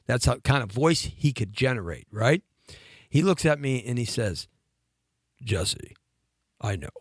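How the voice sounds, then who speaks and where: Animated middle-aged male storyteller, dry studio sound. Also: medium pitch, moderate pace, dry recording. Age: 50s. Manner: animated anecdotal storyteller with laughs and restarts. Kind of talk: storytelling on a talk show.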